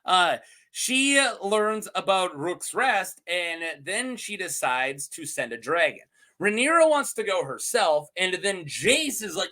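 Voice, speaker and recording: A man hosting a casual review show, recapping an episode with jokes, lots of ums and uhs, and quick put-on voices for the characters. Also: high-pitched. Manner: animated, joking, acts out quotes in quick put-on voices; many fillers like um and uh. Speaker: podcast host reviewing a TV episode.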